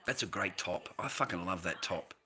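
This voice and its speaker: A man with an Australian accent talks to his viewers on a livestream, swearing constantly and picking fights. His voice sits very low, yet it has a sharp, tense edge. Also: moderate pace, slight background noise. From United States. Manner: profane, combative, swears constantly. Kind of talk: casual livestream chat answering viewers.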